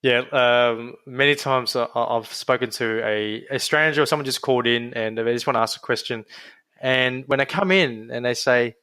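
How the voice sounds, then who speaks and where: A young adult man with an Australian accent, a podiatrist guest talking in a casual, energetic interview with frequent restarts. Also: medium pitch, moderate pace, clear, resonant tone, dry recording.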